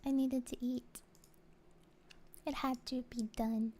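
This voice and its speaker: A woman streamer chatting casually and answering viewer comments, rambling and halting with many fillers. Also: high-pitched, flat delivery. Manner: soft and gentle, with small laughs.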